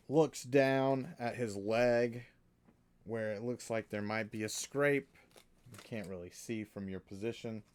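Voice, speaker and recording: A man running a tabletop game as game master, describing the scene in a slow, halting way. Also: mid-range voice, darkish tone.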